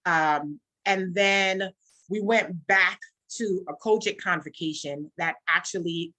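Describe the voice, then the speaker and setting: A woman gospel singer and songwriter, guest in an interview, telling her story earnestly and acting out the conversations she recalls. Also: lowish voice. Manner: earnest, animated storytelling, acts out quoted dialogue. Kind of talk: casual interview, personal testimony.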